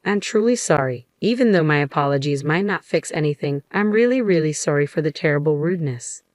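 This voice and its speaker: A timid young salesman, anxious and sorry, speaks in a low voice, as a woman narrator puts him on. The sound is dry and close. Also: expressive, fairly quick, darkish tone, dry recording. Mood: apologetic. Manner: anxious and apologetic. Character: timid, apologetic young male junior salesman.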